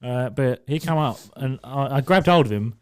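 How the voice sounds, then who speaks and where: A man's voice: medium pitch, moderate pace, clear, resonant tone. A young man co-hosting a podcast, telling a story casually with frequent laughs and swearing. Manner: swearing, laughing, acts out shouted quotes. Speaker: podcast co-host.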